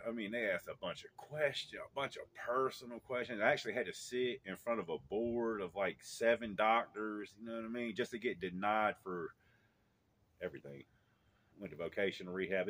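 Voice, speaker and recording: A man's voice: fairly low pitch, a bit bright. A middle-aged man casually telling a personal story outdoors in a yard, rambling with many fillers and restarts.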